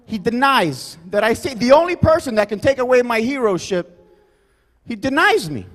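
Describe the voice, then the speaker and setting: A man performing a rambling, loud stand-up set, forever adding "you guys" and "right?". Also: extremely high pitch, lively intonation, a little fast, big-room sound. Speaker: stand-up comedian. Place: comedy club stage.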